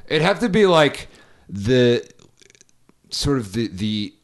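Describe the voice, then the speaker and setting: A man's voice: medium pitch, sing-song. A man co-hosting a podcast in casual chat, answering drily and bluntly. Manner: dry, blunt, quick to dismiss. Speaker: podcast co-host.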